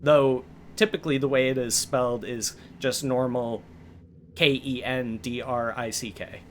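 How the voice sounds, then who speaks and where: A man's voice: mid-range voice, fairly even intonation, measured pace, a little hiss or hum. A man running a tabletop game on a live stream, explaining lore in a loose way with many fillers. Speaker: game master.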